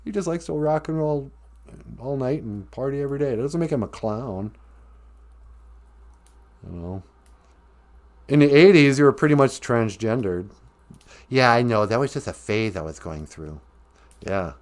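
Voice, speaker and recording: A man's voice: medium pitch, animated, moderate pace, long pauses. A man hosting a casual livestream, reading out viewer comments and rambling with jokes, frequent laughs and affectionate asides. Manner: giggly, rambling, jokey, calls people sweetie.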